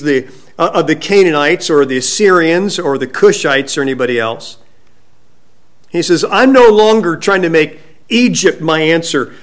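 A man preaching a sermon, slow and emphatic, dropping at times to a soft hush. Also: fairly high pitch. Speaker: pastor.

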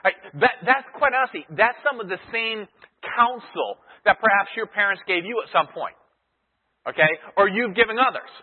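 A man's voice: high-pitched, animated, moderate pace. A man teaching a sermon as a Bible teacher, asking his listeners rhetorical questions and repeating his key phrases. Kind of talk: expository sermon. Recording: thin phone-like sound with long hall reverb.

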